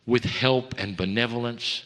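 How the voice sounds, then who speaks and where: A man giving a slow, earnest channeled spiritual talk, pausing between phrases, recorded in a lecture hall. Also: medium pitch, fairly bright tone.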